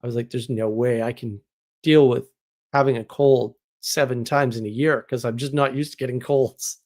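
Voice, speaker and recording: A man's voice: mid-range voice, fairly even intonation, normal speed, a little mellow. Chatty man hosting a casual live stream. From New England. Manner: chatty, rambling, jokey exaggeration. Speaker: live stream host reading chat.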